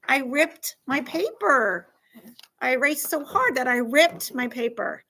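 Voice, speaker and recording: Lively woman teaching fourth graders. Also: sits high, takes it slowly, a little hiss or hum, low-quality recording. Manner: animated, acts out scenarios, asks the class questions. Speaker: school counselor teaching a class. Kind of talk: classroom lesson to fourth graders.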